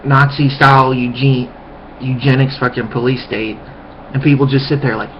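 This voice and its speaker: A man's voice: medium pitch, flat delivery, moderate pace, a little hiss or hum. Man ranting profanely into a webcam. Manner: profane, heated, repetitive. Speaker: vlogger. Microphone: webcam mic. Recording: muffled lo-fi webcam audio.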